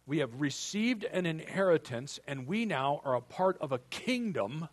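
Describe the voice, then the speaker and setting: A man's voice: a little high, animated, normal speed. A man preaching a sermon as pastor, retelling a story in a conversational way with playful asides and acted-out lines of dialogue. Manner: acts out dialogue voices while retelling.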